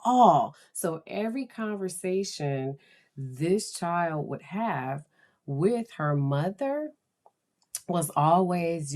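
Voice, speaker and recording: Woman, low voice, counselor, casual podcast monologue, chatty, anecdotal, laughs often. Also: animated, slow pace, darkish tone. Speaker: counselor and blog host.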